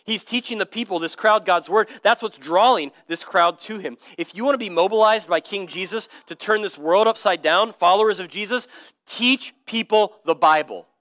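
A man with a high, bright voice preaches a sermon in church. He speaks earnestly and emphatically, drops casual slang and often repeats words as he builds a point. The sound is dry and close. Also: moderate pace, no room sound. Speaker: pastor. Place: church service.

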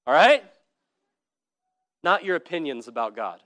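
Preaching a sermon at a church service, a pastor with a high, bright voice speaks earnestly and emphatically in a sing-song way at a measured pace. He drops casual slang and often repeats words as he builds a point, and the recording is dry and close.

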